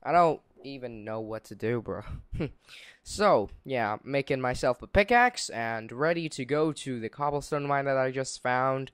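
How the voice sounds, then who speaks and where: Excitable young man, clear dry voice. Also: mid-range voice, unhurried, no echo. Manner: excitable, exclaims and laughs often. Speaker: gaming channel host. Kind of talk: casual gameplay commentary.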